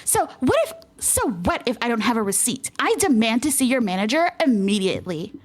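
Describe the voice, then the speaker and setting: A woman voicing a shrill, entitled young woman who complains in slow, whiny, drawn-out words. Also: very animated. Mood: outraged whining.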